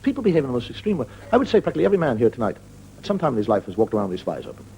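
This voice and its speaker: A man's voice: medium pitch, big pitch swings, rapid-fire, poor audio. Man telling wry stand-up stories. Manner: wry, conversational storytelling. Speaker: stand-up comedian. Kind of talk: stand-up monologue to a live audience. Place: stage before a live audience. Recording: loud live audience laughter.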